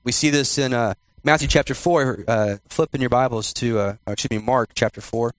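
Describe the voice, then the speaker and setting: A male pastor giving a sermon in church, repeating and slowing down his key phrases for emphasis. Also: mid-range voice, no echo. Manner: repetitive, emphatic preaching with slowed key phrases.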